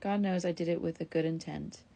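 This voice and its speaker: A woman reading the lines of a sly, quick-tongued young wife in a storybook reading. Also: lowish voice, fairly even intonation, creaky, dark tone. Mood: persuasive. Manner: pleading then brisk and self-justifying.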